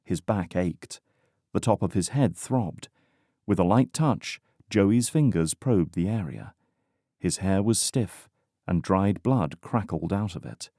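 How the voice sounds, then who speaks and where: Guy reading a romance audiobook, lowish voice, measured, dry sound. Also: lively intonation, warm tone, no room sound. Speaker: audiobook narrator. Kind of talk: scripted narration.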